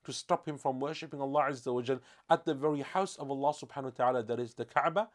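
A man teaching a religious lesson, telling stories and acting out the quoted speech with lively emphasis, reciting Arabic verses quickly. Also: medium pitch. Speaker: Islamic teacher.

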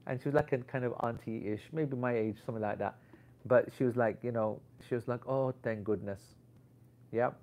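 A man of ordinary pitch tells a casual, rambling anecdote. He talks in an animated way and drops slang as he goes. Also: fairly quick. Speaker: Islamic teacher.

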